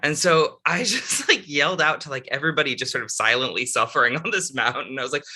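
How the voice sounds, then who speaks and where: Bright-voiced man telling a travel story. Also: a little high, lively intonation, fast. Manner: rambling, many restarts and fillers. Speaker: podcast guest, author. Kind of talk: casual storytelling interview.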